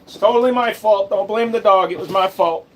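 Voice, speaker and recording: A man's voice: high-pitched, brisk, a little hiss or hum. A man hosting a casual live stream, joking crudely and swearing as he shows off his collection and talks to chat.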